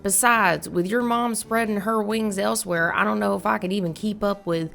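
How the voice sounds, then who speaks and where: A woman voicing a gentle, shy old grandmother from a game, putting on a Southern accent. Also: medium pitch, fairly even intonation, moderate pace, vocal fry. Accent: American Southern, put on.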